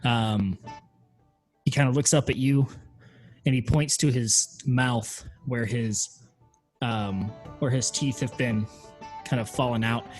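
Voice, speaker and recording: A man narrating a tabletop game as game master, hesitant with many pauses and fillers. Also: mid-range voice, fairly even intonation, soft background music.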